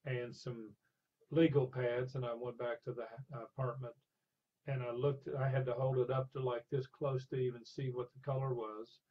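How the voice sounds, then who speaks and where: An older man being interviewed tells a lively anecdote at a moderate pace in a husky, slightly rough, mid-pitched voice. He slips into the voices of the people in his story, and the audio is dull and lo-fi.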